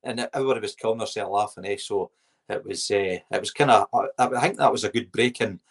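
A middle-aged Scottish man, a former footballer, telling lively anecdotes as a podcast guest, giggling and putting on voices. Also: fairly low pitch, fast talker, creaky, breathy edge. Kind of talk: casual storytelling interview.

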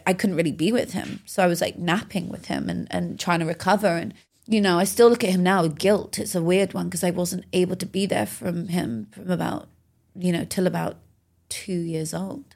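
A woman's voice: lowish voice, normal speed, vocal fry. Uk woman in her 30s, motivational speaker type, punchy and fired up, swears a lot. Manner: energetic, emphatic, swears freely. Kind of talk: podcast interview.

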